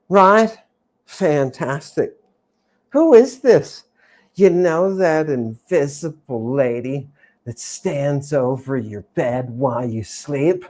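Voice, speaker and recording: A woman hosting a livestreamed lecture to her chat audience, theatrical and repeating key words for emphasis, swinging between loud exclamations and quiet asides. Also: very deep voice, animated, measured pace. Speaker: host.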